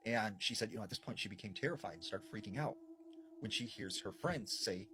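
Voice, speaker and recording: A man tells a spooky story in a loose, chatty way, full of little fillers. His voice sits low but swings up and down with real animation. A faint room ambience hums behind him. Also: a little fast, noisy background. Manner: animated, conversational with frequent fillers. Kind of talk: casual spoken scary storytelling.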